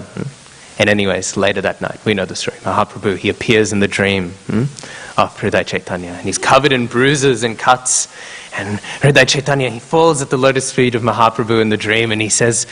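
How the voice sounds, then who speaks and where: A man's voice: mid-range voice, normal speed, a bit bright. Guy teaching a temple class, keeps going "hmm?" at the crowd, big echoey hall sound. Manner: checks in with listeners with frequent "hmm?". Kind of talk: scripture class storytelling. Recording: long echo of a temple hall.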